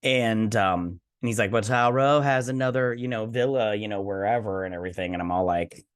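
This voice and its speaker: A man hosting a casual episode recap, chatty and animated, slipping into playful voices as he retells scenes. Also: on the low side, moderate pace, few pauses, clear, resonant tone. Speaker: host.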